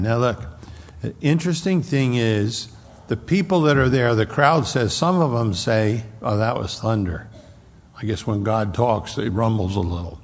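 A man with a gravelly, husky voice at an ordinary pitch preaches through a Bible passage. He moves at a slow, deliberate pace and leans hard on the words he wants to stress. His voice carries a long reverb, as in a large hall. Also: a little mellow. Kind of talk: expository sermon.

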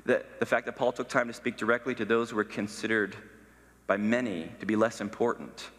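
A pastor preaching a sermon, teaching in an emphatic way. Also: male voice, fairly low pitch, steady tone, a little fast, a bit bright, big-room sound.

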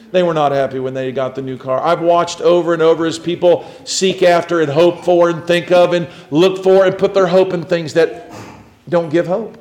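A middle-aged pastor preaching a sermon, his voice sitting a little high for a man. He pushes some lines out loud and drops others to a low hush. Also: steady tone, normal speed. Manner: preaching with swings between loud emphasis and quiet low lines.

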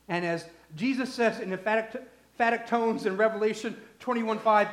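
Male preacher, emphatic sermon delivery, high pitch, echoey room. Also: moderate pace. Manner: emphatic, swinging from loud to hushed.

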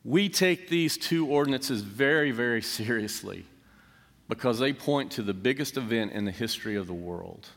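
A man's voice: medium pitch, animated, moderate pace, creaky, a bit bright. Man, pastor, earnest sermon, rhetorical questions, echoing church hall. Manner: earnest, preaching with rising emphasis and rhetorical questions. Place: church sanctuary. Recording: long church hall reverb.

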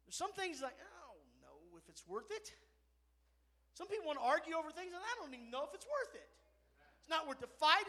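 Man preaching in a church, storytelling sermon that swells to fervent near-shouting, strikingly high voice with a sharp, bright edge. He keeps the story moving and leans hard on the punchlines of faith. The delivery is a pastor's own, not a performance.

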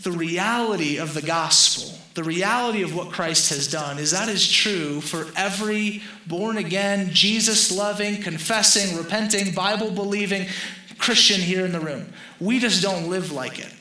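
High, bright-voiced man preaching. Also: normal speed, roomy sound, low-quality recording. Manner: conversational, jokes with the congregation. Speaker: pastor. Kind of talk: sermon.

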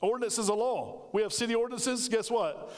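A man delivers a sermon in a bright, high register, speaking plainly and with force. He calls out to the congregation and drives his points home. His voice carries a long reverb in a church hall. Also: fairly quick. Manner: emphatic, conversational preaching with call-and-response to the congregation. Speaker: pastor. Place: church sanctuary.

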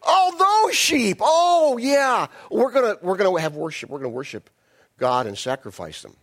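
A man's voice: high-pitched, very animated, normal speed, fairly bright tone, pitched above the performer's own voice, exaggerated voice. A man voicing a smug, slick king who brags and dodges blame in a breezy, dismissive way. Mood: evasive. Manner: sing-song, breezy, dismissive. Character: slick boastful male king, smug and evasive.

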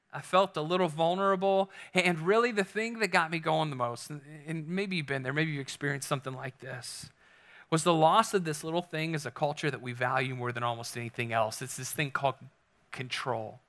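Bright-voiced man telling a candid sermon story. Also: sits high, normal speed. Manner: candid, self-deprecating storyteller.

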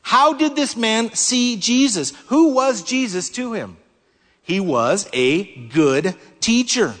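A man preaching a sermon in a measured way, slowing down to stress key words. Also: high-pitched, lively intonation, fairly bright tone. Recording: long hall reverb.

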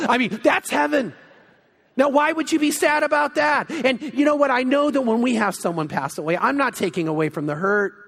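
A man preaching a sermon as a pastor, telling stories with lively acted-out quotes. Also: very high-pitched. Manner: animated storytelling, acts out quotes. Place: church sanctuary. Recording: long hall reverb.

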